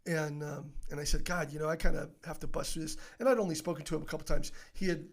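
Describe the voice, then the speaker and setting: A middle-aged man telling stories as an interview guest, animated and laughing often, full of fillers and restarts. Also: on the high side, quick pace, creaky. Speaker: podcast guest, author. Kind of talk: casual interview storytelling.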